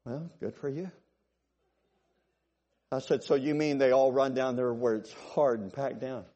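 Animated preacher man with a dark voice. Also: unhurried, lo-fi sound. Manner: animated, swings from loud bursts to low asides; keeps checking in with the congregation. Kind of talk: sermon with storytelling.

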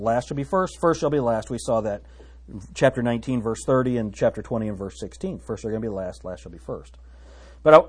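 A man with a slightly husky voice leads a casual verse-by-verse Bible study. He reads scripture aloud, then drifts into chatty, joking asides. His pitch sits in an ordinary middle range. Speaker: Bible teacher.

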